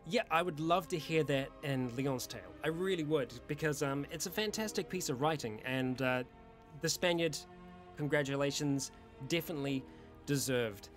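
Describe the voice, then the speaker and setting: A man's voice: on the high side, normal speed, faint music behind. A man hosting a casual monthly community Q&A, rambling and self-deprecating, with a weak voice. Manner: rambling, with many restarts and fillers, self-deprecating. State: voice having issues, weak. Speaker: YouTube roleplay channel host.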